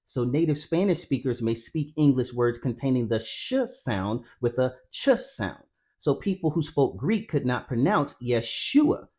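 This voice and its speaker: A Christian teacher narrates a scripted Bible lesson in a medium-pitched, darkish voice. He explains things carefully and calls his viewers family.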